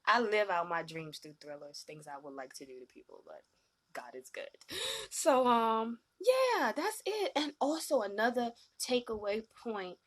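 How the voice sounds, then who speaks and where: A woman hosting a live-stream talk show, animated and slangy, often acting out what other people said. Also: mid-range voice, a little slow. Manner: animated, slangy, acts out quoted voices.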